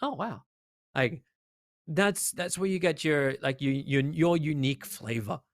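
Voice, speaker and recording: A man with an Australian accent, an esports caster chatting as a guest in an interview, emphatic and lively with lots of fillers. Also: on the high side, a little slow, no echo. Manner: animated, emphatic, many fillers. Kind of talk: casual interview chat.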